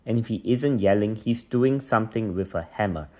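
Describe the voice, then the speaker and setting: A father voicing a quiet, fussy old grandmother who dislikes noise. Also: on the low side, moderate pace, natural voice. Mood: fretful.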